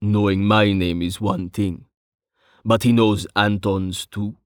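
A man voicing a stern, suspicious male adventurer who demands answers slowly. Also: fairly low pitch, steady tone, dry recording, studio quality. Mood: puzzled.

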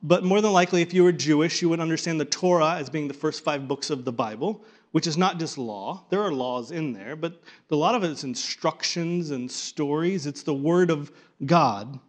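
Male Bible teacher, slightly high voice, animated and repetitive, pulls the group in. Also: normal speed. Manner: animated, repeats and restarts words, coaxes the group to join in. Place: room with a live group.

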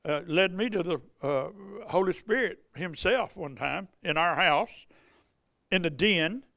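This expressive revival preacher speaks a little slowly in a fairly high voice that's pushed and bright, with some vocal fry. He relates healing testimonies in a folksy, conversational sermon marked by repeats and restarts. There's no room sound.

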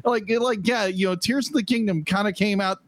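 High-voiced rambling podcast co-host man. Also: brisk. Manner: rambling with many fillers and restarts, laughs often. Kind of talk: casual chat.

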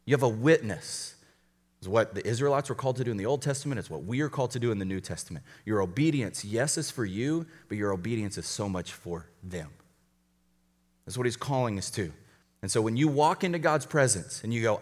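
A man who is a college pastor, preaching a conversational sermon with quick asides and light humor. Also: medium pitch, lively intonation, long reverb tail.

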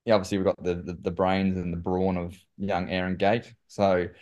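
A man with a New Zealand accent, a guest telling lively stories in casual conversation and saying "mate" often. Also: sits low, moderate pace, muffled recording. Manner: animated, says "mate" often. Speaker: guest, former pro cyclist. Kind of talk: casual storytelling.

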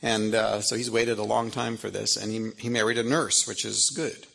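A middle-aged man with a gravelly, somewhat husky voice, telling funny family stories to a live audience. He talks in a loose, rambling way and keeps drifting into wry asides that amuse him. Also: fairly low pitch, fairly even intonation, normal speed, fairly bright tone. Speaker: author speaking to an audience. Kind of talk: humorous storytelling talk.

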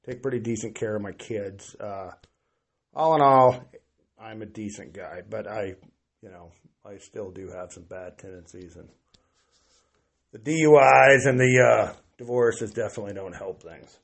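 Here a middle-aged podcast guest talks at a moderate pace in a lowish, creaky voice. The casual chat is rambling and self-deprecating, broken up by plenty of hesitant restarts.

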